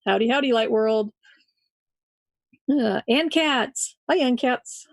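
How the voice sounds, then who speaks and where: Chatty woman host shouting out names from the chat, kinda high voice, dry close sound. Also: slow pace, creaky, no echo. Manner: upbeat, greets listeners by name, laughs often. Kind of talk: casual live-stream chat.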